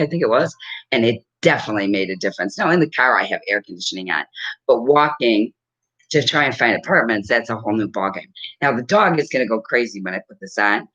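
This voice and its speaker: A woman's voice: extremely low pitch, a bit bright. A woman in her fifties chatting casually to camera at home, rambling and laughing often as she talks. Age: 50s. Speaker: vlogger. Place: at home with a dog. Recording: dull lo-fi recording.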